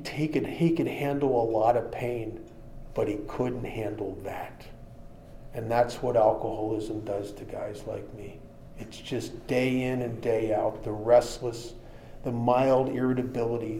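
A man's voice: mid-range voice, a little hiss or hum. A man sharing his recovery story in a plain-spoken, humorous storytelling talk. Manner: plain-spoken and humorous, shifting between lively and quiet.

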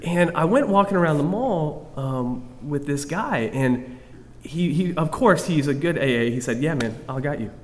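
A man's voice: fairly high pitch, lively intonation, measured pace, slight background noise. A man sharing his recovery story candidly with a group, self-mocking and rambling, full of restarts. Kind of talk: candid personal testimony to a group. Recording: long reverb of a hall.

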